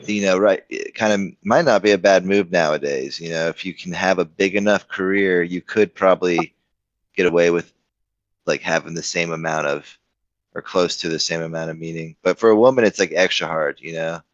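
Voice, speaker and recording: A young man co-hosting a podcast, talking in halting casual chat with many fillers and restarts. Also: low-pitched, dry recording. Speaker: podcast co-host. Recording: dull lo-fi sound, dry room.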